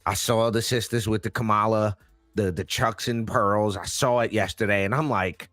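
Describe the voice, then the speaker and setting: A man co-hosting a podcast, talking in an animated, incredulous and slangy way. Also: lowish voice, moderate pace, no room sound, soft background music. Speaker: podcast co-host. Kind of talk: casual commentary chat.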